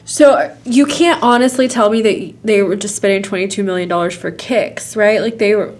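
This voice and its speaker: A woman's voice: mid-range voice, moderate pace, hardly any pauses, a little mellow. Dry, sarcastic woman podcast co-host. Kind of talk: casual chat.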